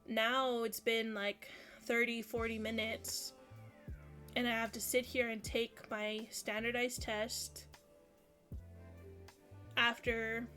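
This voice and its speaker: A woman's voice: a little high, a bit bright. A woman telling a personal story in a casual way, acting out the quotes as she goes. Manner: slow, unhurried storytelling with acted-out quotes. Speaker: streamer on an esports channel.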